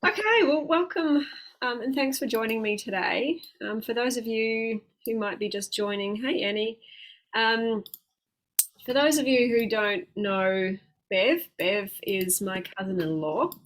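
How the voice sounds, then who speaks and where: A woman with a New Zealand accent hosting a casual interview as a coach, chatty and halting with many fillers. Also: fairly high pitch, rough recording. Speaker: host, weight loss coach.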